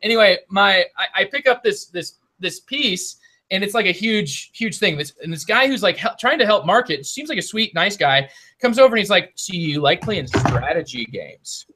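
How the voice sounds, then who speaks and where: A man's voice: sits high, expressive, normal speed, sharp tone. A young man telling a long story in a casual board game podcast chat, full of restarts and asides. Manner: rambling storyteller with many restarts. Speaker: podcast co-host.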